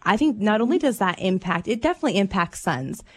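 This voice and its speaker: A woman's voice: medium pitch, animated, fast, husky. A woman co-hosting a radio call-in show, chatting casually and telling stories. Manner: chatty storyteller, laughs while telling. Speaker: radio co-host.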